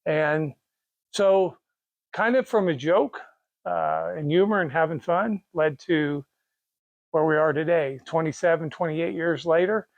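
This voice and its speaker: Here a middle-aged man with a Kansas accent, owner of a race car parts shop, casually tells a folksy, rambling story full of restarts and quoted dialogue. His voice is fairly high, gravelly, and unhurried, recorded with dull audio and no room sound.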